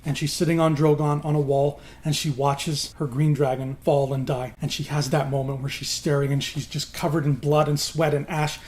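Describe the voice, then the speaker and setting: A man with a slightly high voice tells a fantasy show's plot his own way, animated and loose. He drops casual swearing into his storytelling and keeps the retelling moving, like a host talking straight to his viewers. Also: moderate pace, few pauses. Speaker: YouTube host.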